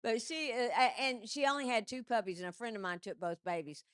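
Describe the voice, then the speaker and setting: A woman comedian telling animated stand-up stories into a stage mic and laughing at her own jokes. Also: fairly high pitch, brisk, smooth, no echo, clean studio sound.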